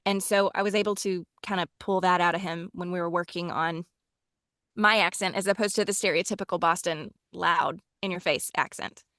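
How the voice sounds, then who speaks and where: A woman's voice: lowish voice, moderate pace, dry recording. Chatty Texan woman, dry sound. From Texas. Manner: chatty and animated, with frequent ums. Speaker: audiobook narrator and voice actor. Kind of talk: casual interview chat.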